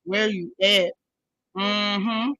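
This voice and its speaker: A woman's voice: mid-range voice, fairly even intonation, very slow, bright, forceful tone, muffled recording. A woman hosting a casual live stream, chatting with viewers and greeting each one by name in folksy slang.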